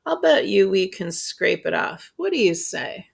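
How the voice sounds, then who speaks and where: A woman reading aloud, voicing a friendly grown man who gently coaxes a hungry child out of hiding, slow and patient. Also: medium pitch, sing-song, vocal fry, slightly rough, heavily acted. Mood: coaxing. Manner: gentle, coaxing, unhurried.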